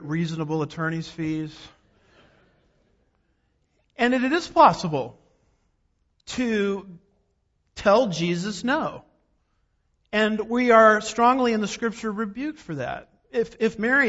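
Man, preaching in an emphatic, folksy way; high voice, long reverb in a big hall, dull sound. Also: a bit bright. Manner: emphatic, rhetorical questions, folksy asides. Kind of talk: sermon.

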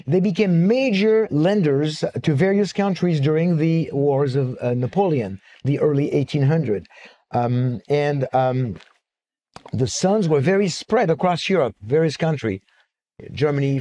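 A man's voice: fairly high pitch, animated, a little slow, warm tone. A man giving a live talk with slides at a fixed microphone, speaking conversationally with frequent fillers, restarts and digressions.

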